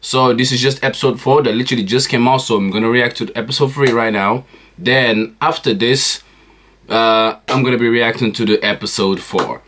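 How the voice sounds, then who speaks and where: A man's voice: mid-range voice, fairly even intonation, normal speed, fairly bright tone, a little hiss or hum. A young man hosting a reaction vlog, chatting casually and rambling with lots of filler asides. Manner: rambling, keeps saying "you know what I'm saying". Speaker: reaction channel host.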